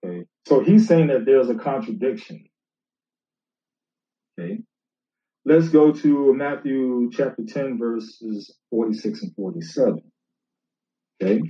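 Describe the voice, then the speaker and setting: A man's voice: mid-range voice, animated, unhurried, pauses often, warm tone. A man, a minister, casually rebutting critics and reading scripture aloud, repeating himself and talking straight to his opponent. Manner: conversational, repeats himself, addresses an opponent directly. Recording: roomy, distant, dull lo-fi sound.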